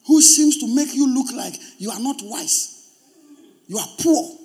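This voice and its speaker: A man with a Ghanaian accent preaching a sermon as pastor, speaking straight to his congregation in an animated way. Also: very high voice, measured pace, husky.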